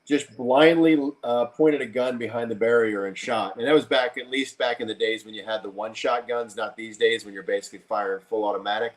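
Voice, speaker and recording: A man's voice: medium pitch, steady tone, brisk, hardly any pauses. A man hosting a podcast, telling a long story in casual chat with many restarts.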